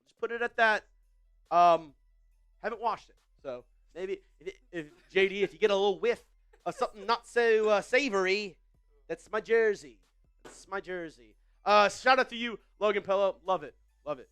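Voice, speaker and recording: A man's voice: sits high, normal speed, fairly bright tone, clear, resonant tone, faint music behind. A man hosting a live football watch party in upbeat, casual chat, reading out viewer comments with frequent fillers and repeated phrases.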